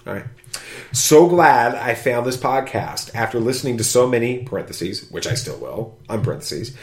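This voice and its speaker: Lively man hosting a podcast, echoey room. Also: mid-range voice, normal speed. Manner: animated, whoops and jokes while reading aloud. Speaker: podcast host. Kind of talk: casual chat, reading listener reviews.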